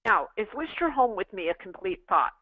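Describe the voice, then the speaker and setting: A woman's voice: medium pitch, big pitch swings, normal speed. A woman teaching a sales class to callers, coaching them in emphatic drills and repeating phrases for practice. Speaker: sales trainer. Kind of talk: interactive online class. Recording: tinny phone-like line.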